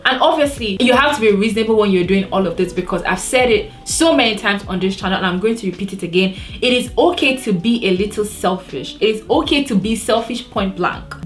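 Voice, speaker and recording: A woman from Nigeria with a Nigerian accent, giving earnest motivational advice to camera in a vlog. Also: medium pitch. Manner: earnest, advising, asks rhetorical questions. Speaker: vlogger.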